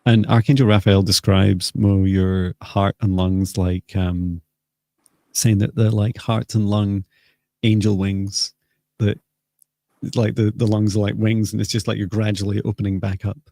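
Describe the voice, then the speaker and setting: A man hosting a live psychic healing session, speaking softly and hesitantly with many pauses. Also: lowish voice, level tone, gravelly, no echo, clean studio sound. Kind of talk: slow, gentle guided healing talk.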